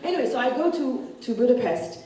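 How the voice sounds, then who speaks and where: A woman's voice: high-pitched, expressive, fast talker, warm tone. A woman author talking bluntly about her book onstage at a festival, acting out the people she quotes. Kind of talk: festival stage conversation. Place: large hall at a literature festival. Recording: echoey hall from far off.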